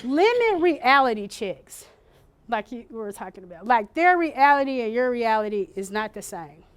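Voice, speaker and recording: A high-voiced woman running a casual care-training session for a room of listeners. She talks in a chatty, animated way and acts out little scenes, sometimes jumping loud. The sound is that of a meeting room. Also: normal speed, smooth. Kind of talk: informal workshop talk.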